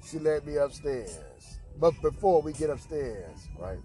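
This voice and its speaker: Man, podcast host, crude storytelling, profane, slangy, fairly high voice. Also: very animated, unhurried, dark tone, soft background music. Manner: profane, slangy, repeats filler tags.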